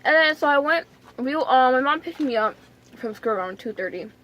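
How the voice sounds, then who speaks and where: A young woman vlogging to camera, telling a story in a rambling, chatty way full of fillers and restarts, and often dropping to a soft near-whisper. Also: high voice, lively intonation, fairly quick.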